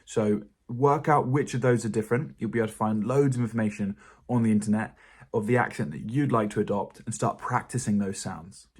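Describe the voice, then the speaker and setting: A man with a British RP accent teaching a pronunciation lesson in a calm, encouraging way. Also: on the low side, husky. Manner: calm, encouraging explanation to learners. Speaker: English teacher.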